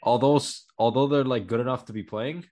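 A man co-hosting a casual football talk show, sharing quick, enthusiastic opinions. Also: medium pitch, fairly even intonation, a little mellow. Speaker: co-host.

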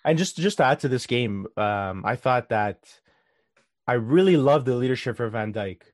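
A man co-hosting a casual football talk show, giving animated analysis with lots of "uh" and "um". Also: medium pitch, normal speed, no room sound, studio quality. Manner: animated, filler-heavy analysis. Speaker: co-host.

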